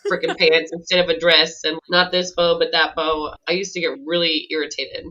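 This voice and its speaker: A woman co-hosting a podcast, telling stories in a chatty, animated way and laughing easily. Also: deep voice, moderate pace. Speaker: podcast co-host. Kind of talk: casual conversational storytelling. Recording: dull lo-fi recording.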